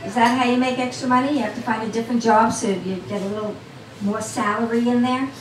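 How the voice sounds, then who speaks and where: A woman's voice: fairly high pitch, steady tone, quick pace, a little hiss or hum. A woman telling a personal story to a live audience in a cafe, talking straight to the crowd in a chatty way. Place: small cafe event. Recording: roomy sound from a distant mic.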